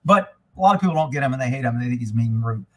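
A man hosting a casual live stream, rambling and swearing freely, getting animated when he retells a story. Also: medium pitch, very fast. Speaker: livestream host. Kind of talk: casual livestream chat.

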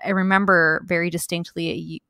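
A woman's voice: on the low side, level tone, normal speed, sharp tone, dry recording, studio quality. A woman co-hosting a podcast, thinking aloud in a reflective, casual way. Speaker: podcast co-host.

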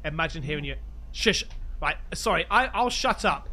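A British man reacting casually to ghost clips, loud and excitable, swearing freely. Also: on the high side, normal speed, slight background noise. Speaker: reaction video host.

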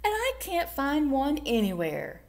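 A woman's voice: high-pitched, huge pitch swings, a little slow, pitched above the performer's own voice, heavily acted. A woman voicing Douglas, a young bear who needs a hug. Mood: wistful. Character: young male brown bear wanting a hug. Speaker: storytime reader. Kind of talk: children's picture-book read-aloud.

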